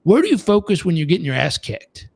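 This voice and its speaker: A man's voice: high voice, huge pitch swings, fast talker, gravelly, darkish tone, no room sound. A man giving a motivational talk as a performance coach, emphatic and full of rhetorical questions.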